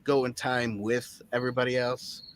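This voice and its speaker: A man talking casually on a movie review panel, rambling and hesitant and dropping lots of fillers. His voice sits at an ordinary middle pitch. Crickets chirp faintly in the background. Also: little pitch movement, moderate pace, slight background noise. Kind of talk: casual chat.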